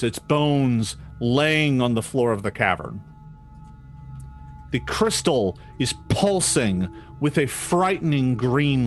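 Guy game mastering a tabletop game, slow and hesitant, lots of ums. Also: mid-range voice. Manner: hesitant, many ums and restarts.

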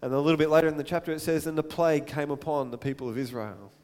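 A man's voice: on the high side, steady tone, rapid-fire, a little mellow. Man preaching in a reverberant hall. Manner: conversational, with restarts and asides, acting out quotes. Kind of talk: sermon.

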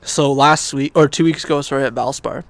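Gravelly man rambling about golf. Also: mid-range voice, steady tone, a little fast, fairly bright tone, no room sound. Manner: rambling, self-mocking banter. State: teary right eye. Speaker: podcast co-host. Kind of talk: casual golf chat.

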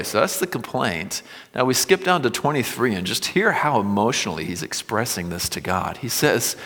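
A male pastor preaching a sermon, reading scripture with swelling intensity and dropping low and quiet between passages. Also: very animated, normal speed. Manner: reads scripture with rising intensity, then drops low and quiet. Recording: long hall reverb.

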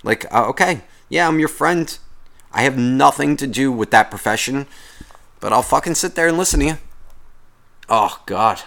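A man's voice: mid-range voice, lively intonation, moderate pace, gravelly, long pauses, fairly bright tone. A man hosting a podcast, delivering a sarcastic, profanity-laced comedic rant. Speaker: podcast host.

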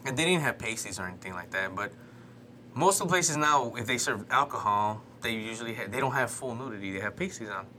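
Casting: young guy from Chicago, bright voice, rambling storyteller, faint hiss behind. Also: mid-range voice, lively intonation, brisk. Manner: rambling storyteller, swears, stammers and restarts. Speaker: podcast co-host. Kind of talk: casual chat.

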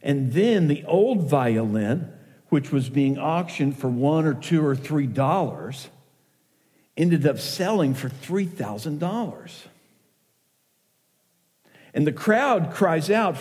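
A man's voice: a little high, expressive, slow, pauses often, a little mellow. A middle-aged man preaching a sermon as pastor. He speaks earnestly and reads verse with feeling. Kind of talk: sermon with poetry reading. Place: church sanctuary. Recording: long reverb of a church hall.

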